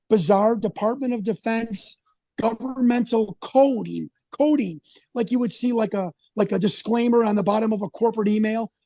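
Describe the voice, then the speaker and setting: A man with a high-pitched, mellow voice, recorded with no room sound, appears as a guest in a casual interview. An independent researcher, he rambles indignantly while telling his story.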